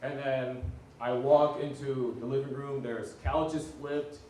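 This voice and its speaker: A man's voice: medium pitch, fairly even intonation, slow pace, a little mellow, far from the mic. Brash, cursing young man doing stand-up. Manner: profane, brash bravado. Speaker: first-time stand-up comedian. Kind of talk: stand-up comedy set. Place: student comedy night venue. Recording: very echoey room, mic heard from afar, faint noise.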